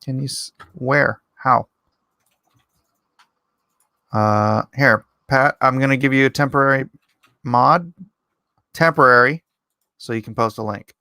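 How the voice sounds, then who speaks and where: A man's voice: mid-range voice, slow pace, pauses often, bright, forceful tone, no echo, studio quality. A man hosting a casual livestream, reading viewer comments aloud and chatting back in a rambling, self-deprecating way. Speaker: livestream host.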